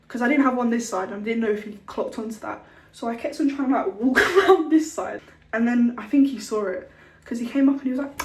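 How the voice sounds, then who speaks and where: A woman's voice: fairly high pitch, fast. A young woman chatting casually to camera about her skincare, swearing freely and acting out the people she met. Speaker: skincare vlogger. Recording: roomy echo, a bit far from the mic.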